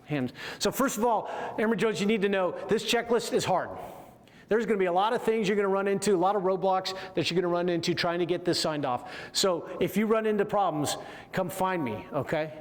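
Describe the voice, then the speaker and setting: A man's voice: high voice, fairly quick, long reverb tail. A man giving a motivational military leadership lecture, telling a story and often checking in with listeners by asking "right?". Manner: keeps checking in with the audience with "right?".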